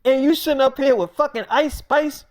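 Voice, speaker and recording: A man's voice: extremely high pitch, moderate pace, no room sound, studio quality, voice pushed up. A man doing a hot-headed, threatening best friend. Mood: angry. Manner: profane, aggressive ranting.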